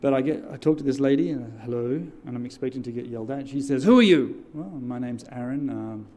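A man's voice: mid-range voice, fast. A man who serves as a church deacon, telling a story in a sermon and drawing answers from his listeners. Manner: animated, call-and-response with audience.

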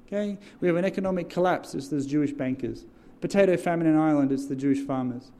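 A deacon with a somewhat high voice talks fast, animatedly narrating a story in a sermon and prompting call-and-response from his audience.

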